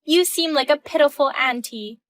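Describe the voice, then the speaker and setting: A sneering young woman in her twenties, as a woman reader puts her on, talking down to everyone in a raised, high voice. The reading is crisp and dry, as in a scripted text story. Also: moderate pace, a bit bright, dry recording. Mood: taunting. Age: 20s. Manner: taunting, condescending. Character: smug, mocking young woman student.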